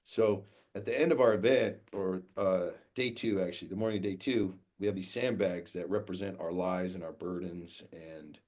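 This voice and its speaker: A man speaking as a guest on a podcast, telling a story in a blunt, profane, animated way. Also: sits low. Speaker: guest, fathers' coach.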